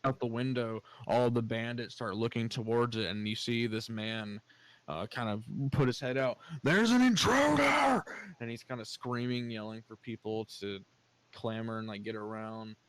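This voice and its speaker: A man narrating as game master, casual and halting, with many fillers and restarts. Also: on the low side, flat delivery, smooth, poor audio.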